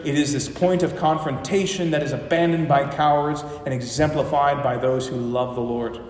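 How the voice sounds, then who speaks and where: A male pastor preaching a sermon, impassioned, slowing down for emphasis and rising in volume. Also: on the high side, fairly even intonation, darkish tone, a little hiss or hum. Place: church sanctuary. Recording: echoey hall from far off.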